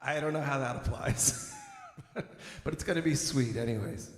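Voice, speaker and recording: A man's voice: medium pitch, moderate pace. Rambling man telling jokes in an echoey room. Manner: rambling, many fillers, laughs at own jokes. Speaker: host of an online music show. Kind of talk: casual joke-telling and chat. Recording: roomy echo with long reverb, faint music.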